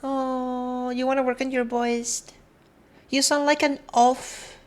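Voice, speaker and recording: A woman's voice: sits high, little pitch movement, takes it slowly. Chatty woman streamer. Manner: chatty, greets viewers one by one, switches between English and Spanish. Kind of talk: casual chat with viewers.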